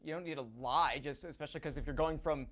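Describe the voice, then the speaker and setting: A man from South Florida, a guest analyst chatting casually on a radio show, telling animated stories. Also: a little high, fast. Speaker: sports betting analyst guest. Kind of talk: casual chat.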